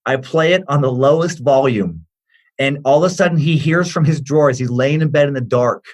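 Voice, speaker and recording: A middle-aged guest comedian tells stories during a casual podcast chat, animatedly acting out the voices of the characters. His voice is medium in pitch and his delivery brisk.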